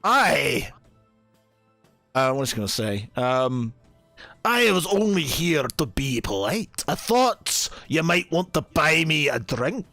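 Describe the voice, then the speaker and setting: A man's voice: on the high side, sing-song, takes it slowly, creaky, bright, forceful tone, no echo, soft background music, full character voice. A man voicing a boastful, pompous male dragon slayer who stretches his words theatrically.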